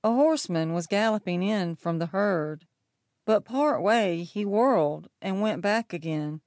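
A woman narrating a storybook in a measured, steady reading voice. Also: mid-range voice, no echo, studio quality. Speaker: audiobook narrator.

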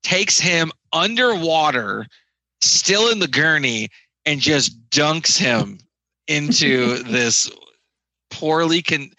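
A man's voice: on the high side, animated, slow pace, bright, forceful tone, no echo, low-quality recording. A man co-hosting a casual movie podcast, recapping scenes with wry, dry asides. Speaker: podcast co-host.

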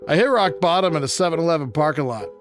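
A man telling a comic story in deadpan, mock-dramatic narration, now and then bursting into shouts. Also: fairly high pitch, quick pace. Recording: music bed behind the voice.

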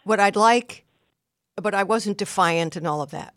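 An older woman runs a call-in radio advice show, her tone blunt and commanding as she lays out numbered steps for the caller. The studio sound is close and dry, and she speaks at a middle pitch. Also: moderate pace, a bit bright, dry recording. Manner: blunt, directive, lists numbered instructions.

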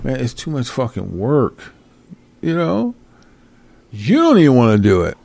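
A man with a gravelly, fry-laden voice rants through a casual talk show, exasperated and swearing freely. He breaks into laughter often, and the sound is close and dry. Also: medium pitch, wildly swooping pitch, measured pace, mellow, no room sound. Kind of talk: casual ranting commentary.

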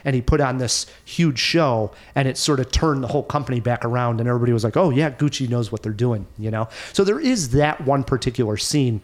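A man hosting a casual film review podcast, animated and laughing often as he recounts scenes. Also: mid-range voice, fast, hardly any pauses. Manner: animated, laughs often, mimics actors' voices. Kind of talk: casual movie review chat.

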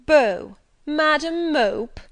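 A woman voicing a loud, taunting bullying boy of fourteen in an audiobook reading. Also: high voice, very animated, a little slow, voice pushed up, exaggerated voice. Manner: shouting, taunting.

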